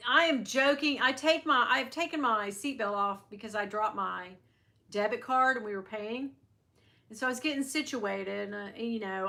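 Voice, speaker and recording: A middle-aged woman vlogger telling a story in a chatty, animated way while chatting with viewers. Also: on the high side. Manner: animated, chatty, acts out quotes. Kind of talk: casual storytime, live chat.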